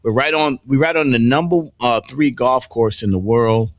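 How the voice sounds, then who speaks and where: A man's voice: medium pitch, normal speed, dry recording. A middle-aged man hosting a morning show in casual banter, rambling and joking with many restarts and asides. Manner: playful, joking.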